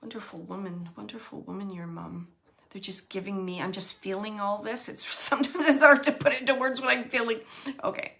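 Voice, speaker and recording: A woman giving a live mediumship reading, relaying messages in a halting, emotional way and often searching for words. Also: mid-range voice, steady tone, pushed and bright. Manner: emotional, close to tears at times.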